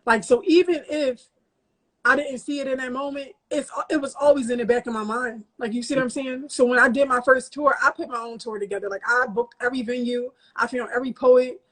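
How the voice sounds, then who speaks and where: A woman poet, a guest in an interview, telling her own story in a casual, lively, self-mocking way. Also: sits high, a little fast. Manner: lively, self-mocking, slips into quoted voices.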